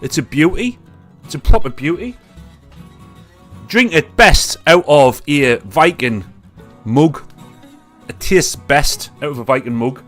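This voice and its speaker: A man's voice: a little high, animated, takes it slowly, pauses often, a bit bright, faint music behind. A man with a Northern English accent, hosting a casual live chat with friends and chatting loosely with plenty of swearing. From Northern England. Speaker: podcast host.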